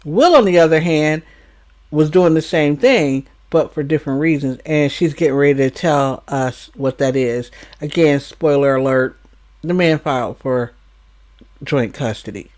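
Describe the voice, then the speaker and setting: A reaction channel host recapping a story in a measured way, with frequent fillers like um and uh. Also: medium pitch, a little mellow. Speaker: reaction commentator. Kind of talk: reaction commentary.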